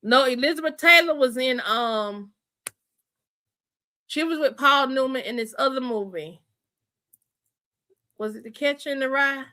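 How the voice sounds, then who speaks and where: Bright-voiced woman chatting on a livestream. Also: high-pitched, unhurried, pauses often. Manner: animated, thinks aloud, addresses viewers as y'all and honey. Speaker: livestream host. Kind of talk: casual livestream chat with viewers.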